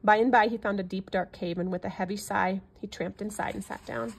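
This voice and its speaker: A woman reading a classic children's picture book aloud in an expressive storytelling manner. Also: medium pitch, brisk, vocal fry, background noise.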